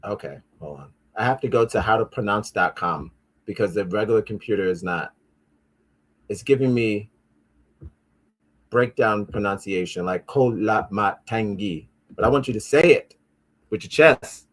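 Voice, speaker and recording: A man's voice: on the low side, moderate pace. A man hosting a casual pop-culture commentary show, rambling and profane, with many restarts and asides. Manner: easily frustrated, talks back at his devices. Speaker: podcast host.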